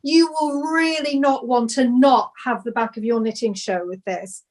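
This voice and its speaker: A woman's voice: a little high, moderate pace, darkish tone. A woman knitwear designer chatting on a video call, gushing and rambling with lots of restarts. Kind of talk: casual live video chat.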